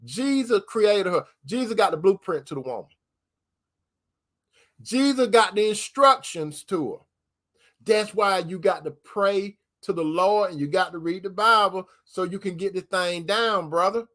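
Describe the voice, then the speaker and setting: A man hosting an advice talk in a preacherly way, calling listeners brother and stretching key words slowly. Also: high-pitched, fairly bright tone. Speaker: host giving relationship advice. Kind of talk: preacherly advice talk reading viewer comments.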